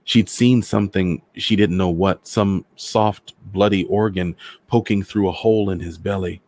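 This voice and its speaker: A man hosting a storytime show, reading a novel aloud in a measured, dramatic way. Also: low voice, fairly even intonation, a little mellow, no echo. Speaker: storyteller host.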